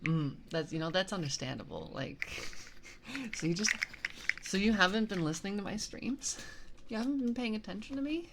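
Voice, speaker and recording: A streamer chatting casually on a live stream, giggly and full of fillers, reacting to chat messages. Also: female voice, medium pitch, animated, normal speed. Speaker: VTuber streamer. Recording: audible background noise.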